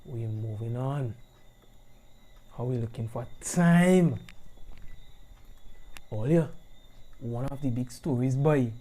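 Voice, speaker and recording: A man with a Grenadian accent hosting a live-stream talk show in an animated, chatty way, often checking in with his listeners. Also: medium pitch, slow pace, pauses often. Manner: animated and chatty, often asking "you understand?". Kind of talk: casual talk-show commentary.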